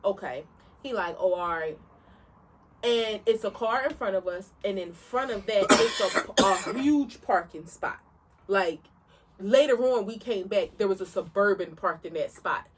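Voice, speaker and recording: A woman co-hosting a podcast, telling a story in an animated, emphatic way and speaking straight to listeners. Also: medium pitch, moderate pace, distant mic, slight background noise. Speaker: podcast co-host. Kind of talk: casual storytelling chat.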